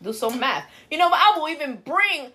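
A woman's voice: high voice, expressive, fairly quick, bright, forceful tone. A woman co-hosting a podcast in casual chat, crude and joking, slipping Spanish words into her English. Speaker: podcast co-host.

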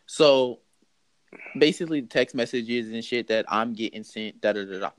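A young man telling a story in casual chat, animated and mocking, laughing as he goes. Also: medium pitch, moderate pace. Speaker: podcast host telling a story.

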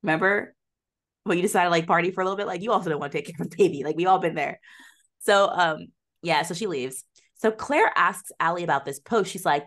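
A woman's voice: on the low side, brisk, fairly bright tone. A woman co-hosting a podcast, recapping a show in casual, laughing chat full of swearing and fillers. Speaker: podcast co-host.

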